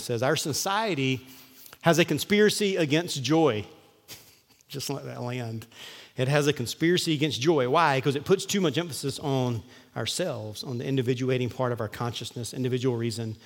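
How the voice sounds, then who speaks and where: A man preaching a sermon in a casual, humorous style, slipping into quoted voices and jokes. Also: mid-range voice. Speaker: pastor. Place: church hall. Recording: long church-hall reverb.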